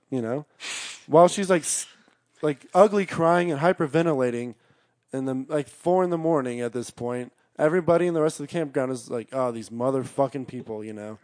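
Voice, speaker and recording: A man telling a long story in casual chat, rambling, swearing constantly, and shouting out the lines of the people he quotes. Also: a little high, no room sound, clean studio sound. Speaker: storyteller guest.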